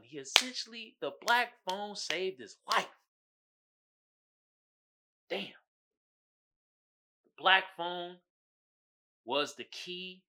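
In a high voice, a man hosting a podcast goes over a horror movie and reads out memes. The monologue is loose and lively, peppered with swearing and bursts of loud, shouted impressions.

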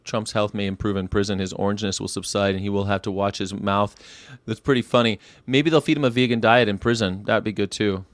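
A man's voice: fairly low pitch, fairly even intonation, a little fast, dry recording. A man in his late thirties hosting a daily vegan show, chatting casually and irreverently about history, rambling, swearing and firing off rhetorical questions. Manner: rhetorical questions, wry commentary.

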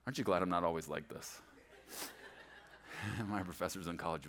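A man preaching as a pastor, with animated storytelling and playful asides. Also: sits low, brisk, long pauses, a little hiss or hum. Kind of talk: sermon.

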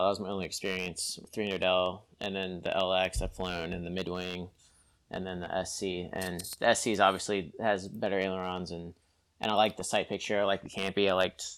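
A man's voice: low-pitched, fairly even intonation, brisk, fairly bright tone. A man, a guest pilot, talking casually about aerobatic airplanes, self-deprecating and thoughtful, with frequent restarts. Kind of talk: casual podcast chat.

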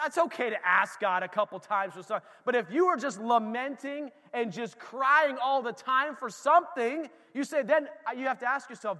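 A man preaching a casual sermon as pastor, animated and talking straight to the congregation. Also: sits high, in a large hall.

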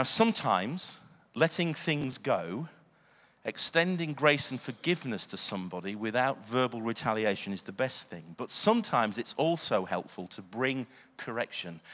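A man's voice: mid-range voice, fairly bright tone. A man preaching a sermon, earnest, often asking the listeners questions. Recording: long hall reverb.

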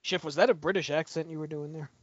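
A man cracking quick puns and quips in casual banter while watching wrestling. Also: fairly high pitch, fairly even intonation, no echo. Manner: quippy, punning. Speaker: podcast co-host. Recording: dry, dull lo-fi sound.

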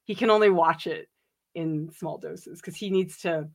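A woman hosting a casual livestream, reading out viewer comments and chatting about them, gushing and giggling with big swings in pitch. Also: normal speed, vocal fry. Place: home.

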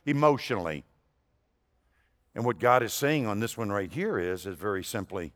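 A man preaching a sermon as an animated storyteller, jumping between loud punchlines and hushed asides. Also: on the low side. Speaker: guest preacher. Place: church sanctuary. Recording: long reverb of a church hall.

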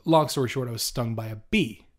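Young male podcast co-host, casual storyteller, animated. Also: mid-range voice, brisk. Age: young adult. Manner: animated storyteller, acts out quotes, frequent ums and throat clearing.

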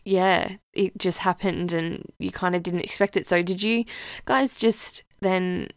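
A woman interviewing a guest, asking gentle, sympathetic questions. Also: on the low side, steady tone, a little slow, no room sound, studio quality. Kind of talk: conversational interview.

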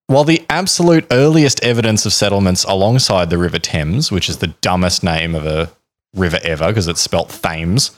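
A man's voice: deep voice, normal speed. A man hosting a podcast, telling a history story in a casual, joking, rambling way. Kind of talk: casual chat.

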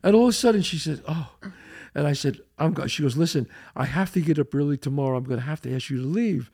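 An older man, hosting a podcast and telling a profane, animated story in which he acts out the quotes. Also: on the high side, fast, vocal fry, slightly rough. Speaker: host.

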